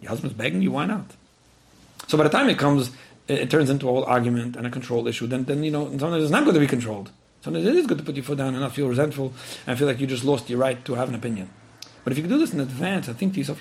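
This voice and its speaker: A man's voice: medium pitch, rapid-fire, gravelly. A man giving earnest advice in answer to a listener's letter, often repeating words and acting out what people might say. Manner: earnest, repeats words, acts out quoted speech. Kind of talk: advice talk.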